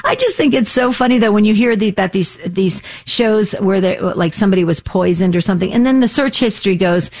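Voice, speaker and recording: A middle-aged woman co-hosting a radio talk show, chatty and quick to exclaim in amusement. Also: medium pitch, lively intonation, a little mellow. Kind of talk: casual chat.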